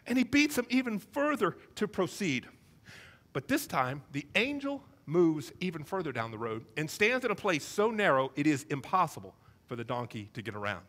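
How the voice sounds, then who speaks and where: A male pastor delivering a sermon in a bright, high voice that swoops up and down. He tells the story with animated, comic acted-out voices. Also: normal speed.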